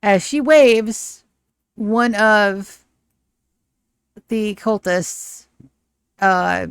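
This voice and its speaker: A woman's voice: mid-range voice, extremely slow, smooth, no echo. A woman narrating a tabletop game as game master in a casual, descriptive way on a close mic.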